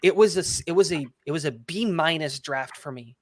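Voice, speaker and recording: A man co-hosting a casual sports chat, talking fast and excitedly and often repeating words as he restarts. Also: fairly high pitch, no room sound. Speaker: co-host.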